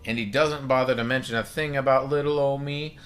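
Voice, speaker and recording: A sassy, motherly barkeeper woman with a halfhearted Southern drawl, calling everyone honey, as a man reads her lines. The voice stays close to his own normal pitch and sounds bright and forward. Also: fairly even intonation, a little fast, lightly acted. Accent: attempted Southern US. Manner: drawling, calls listener honey.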